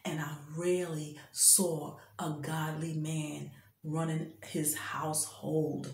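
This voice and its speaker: A woman in her fifties delivers an emphatic, preachy talk, scolding and pleading with her listeners. Her voice sits fairly low for a woman. The sound carries the echo of the room around her. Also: little pitch movement, slow, darkish tone, a little hiss or hum. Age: 50s. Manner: preachy, emphatic, addresses men directly. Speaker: vlogger giving faith-based advice. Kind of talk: impassioned spoken exhortation.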